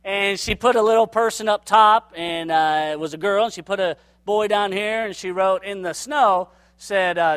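Casting: male preacher, high and bright voice, animated storyteller who acts out every line of dialogue. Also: moderate pace, few pauses, clear, resonant tone. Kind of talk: sermon storytelling.

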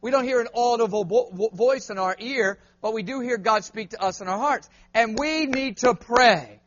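A man preaching a lively sermon in a church, calling on the crowd to answer him back. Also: very high-pitched, normal speed, lo-fi sound. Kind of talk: lively call-and-response sermon.

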